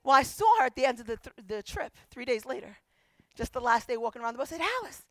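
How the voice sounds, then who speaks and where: A woman pastor preaching a sermon, telling a story with animated quoted voices and emphatic repetition. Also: sits high, fast talker, no echo.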